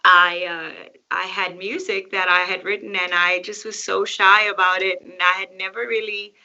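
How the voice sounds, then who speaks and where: A woman singer talks earnestly on a podcast, looking back with gratitude. Her mid-pitched voice is very bright and tense, and the recording has a slightly dull, muffled sound. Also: level tone, normal speed. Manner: earnest, grateful, reflective. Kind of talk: casual chat.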